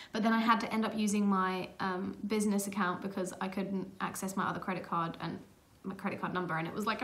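A woman vlogger telling a travel mishap story in a casual, animated, exasperated way, laughing at herself. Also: mid-range voice, fast. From England. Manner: animated, exasperated retelling with self-mocking laughs.

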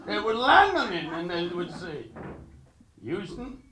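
High-voiced Flemish comedian, slow, echoey club. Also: male voice, sing-song, over a noisy crowd. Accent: Flemish Dutch. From Belgium. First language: Dutch. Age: 30s. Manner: halting restarts building to indignant shouting rants. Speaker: stand-up comedian. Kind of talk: live stand-up comedy. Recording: echoey room with audience laughter.

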